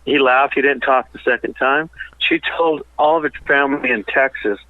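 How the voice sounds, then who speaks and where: A man's voice: medium pitch, fairly even intonation, normal speed, dry recording. Male phone-in guest, songwriter, chatty rambling storyteller; tinny phone line. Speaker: songwriter and business partner of the late musician.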